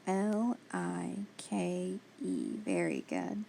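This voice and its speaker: A woman's voice: fairly low pitch, wildly swooping pitch, extremely slow, gravelly, dark tone, a little hiss or hum. A woman teaching a phonics spelling lesson, patiently sounding out letters and praising each answer.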